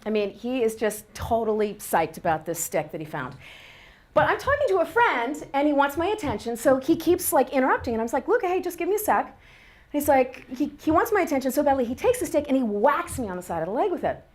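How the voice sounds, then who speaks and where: A middle-aged woman tells a story about her child with wry humor. Her voice sits high and moves all over. She laughs easily as she talks. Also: very animated, brisk, darkish tone. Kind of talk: personal storytelling monologue.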